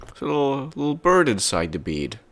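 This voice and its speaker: A man's voice: medium pitch, big pitch swings, brisk, fairly bright tone, slight background noise. A young man casually commenting on video game items, chatty and enthusiastic, often laughing.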